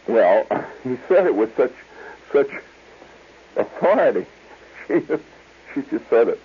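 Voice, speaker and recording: A man's voice: low voice, sing-song, normal speed, husky. A man hosting a radio show, telling a digressive story in a chuckling, storytelling way. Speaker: radio host. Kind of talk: rambling storytelling monologue. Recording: tinny 1970s radio broadcast.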